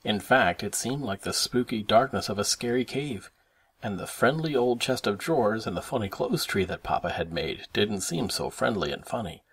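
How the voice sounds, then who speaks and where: Dad reading a picture book to his kids, low gravelly voice, very lively pitch. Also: normal speed. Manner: expressive, animated read-aloud. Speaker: parent reading aloud. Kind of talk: children's storybook narration.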